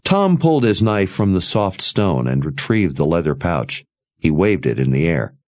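A man telling a fantasy story as an audiobook narrator, in expressive storytelling. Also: low-pitched, moderate pace, no room sound, highs cut off. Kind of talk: scripted narration.

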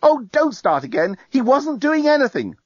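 A shrill, panicky young woman in a storybook space adventure, as a male narrator puts her on. The voice jumps up high and swings wildly. The sound is dry and a little dull. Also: big pitch swings, normal speed, darkish tone, dry recording, full character voice. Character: frantic young woman Lucy, sharp-tongued.

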